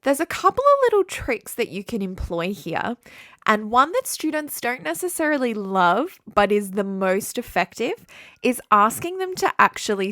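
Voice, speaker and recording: A woman's voice: mid-range voice, a bit bright, no room sound. Friendly woman teaching music, dry close sound. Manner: clear, friendly explanatory teaching tone. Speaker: saxophone teacher and podcast host. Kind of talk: scripted solo podcast lesson.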